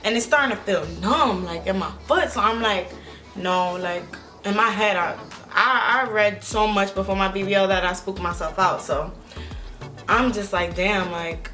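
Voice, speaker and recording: A woman's voice: medium pitch, moderate pace, soft background music. Rambling young woman telling a story. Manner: rambling, filler-heavy, animated retelling. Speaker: vlogger. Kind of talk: casual storytime.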